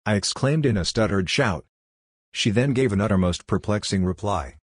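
Deep, husky male audiobook narrator. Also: moderate pace, no room sound, clean studio sound. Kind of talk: first-person horror novel narration.

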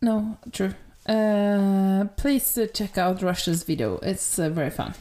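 Slow-talking woman, mellow voice. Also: mid-range voice. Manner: hesitant and playful, many pauses while reading results. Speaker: podcast co-host. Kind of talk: casual podcast chat.

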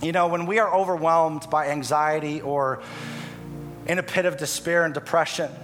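A male pastor preaches with passion in a high voice, dropping soft and then rising loud. His sermon echoes with a long reverb through a church hall. Soft music plays beneath. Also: steady tone, normal speed. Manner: impassioned, swings from hushed to loud.

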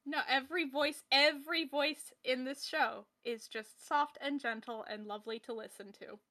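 A woman co-hosting a podcast in casual chat, wry and quick, laughing often and using "like" a lot. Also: high-pitched, steady tone, sharp tone. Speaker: podcast co-host.

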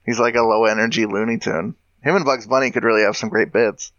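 A man co-hosting a podcast, animated and laughing often, saying "dude.". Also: lowish voice, quick pace, no room sound, highs cut off. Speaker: podcast co-host. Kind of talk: casual chat.

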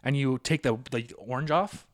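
A man's voice: medium pitch, normal speed, no echo, studio quality. A man, co-hosting a podcast and telling rambling, profane stories in casual chat. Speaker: podcast co-host.

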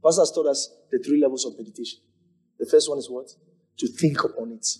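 A man pastor teaching a congregation, animated, repeating phrases and acting out moments as he preaches. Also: mid-range voice, fast talker, husky. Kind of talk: church teaching with questions.

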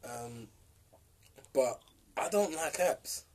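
A man's voice: medium pitch, expressive, very slow, breathy edge. A young man, co-hosting a casual podcast chat, teasing and laughing often. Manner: teasing, laughs a lot, slangy. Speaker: podcast co-host.

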